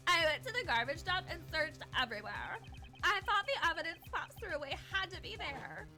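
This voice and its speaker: A woman's voice: extremely high pitch, animated, fairly quick, bright, forceful tone, faint music behind, pitched above the performer's own voice, full character voice. A woman voicing a flustered, eager young male prosecutor who stammers and apologizes. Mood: earnest.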